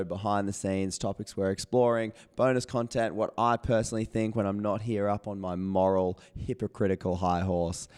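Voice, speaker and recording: A man hosting his podcast with a hoarse voice, chatty and self-mocking. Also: low voice, darkish tone. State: hoarse, voice not working properly. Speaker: podcast host. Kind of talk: casual solo podcast intro.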